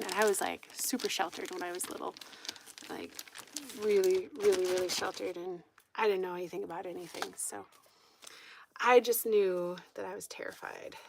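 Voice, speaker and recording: A woman hosting a homestead live stream, telling a story in casual chat, animated, laughing often and acting out what people said. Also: mid-range voice, creaky, noisy background. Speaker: homestead channel host. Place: at home.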